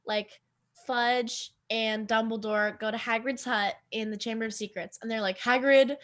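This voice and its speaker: Young woman, high voice, casual co-host, animated, swears freely. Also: moderate pace. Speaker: podcast co-host. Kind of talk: casual chat.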